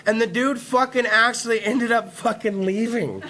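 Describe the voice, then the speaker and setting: A man hosting a live internet talk show, telling a profane, rambling, excitable comedic rant. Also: very high voice, moderate pace, crowd noise.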